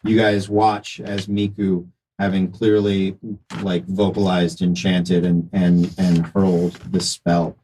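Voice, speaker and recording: A man's voice: sits low, flat delivery, slow, mellow, slight background noise, low-quality recording. A man running a tabletop game as game master, narrating in an easygoing way with hesitant restarts.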